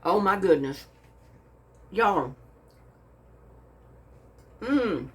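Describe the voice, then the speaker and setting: With a voice on the low side, animated and full of drawn-out words, this Texan woman runs her own cooking channel. She tastes her dishes in a casual vlog, gushing folksily and using y'all often.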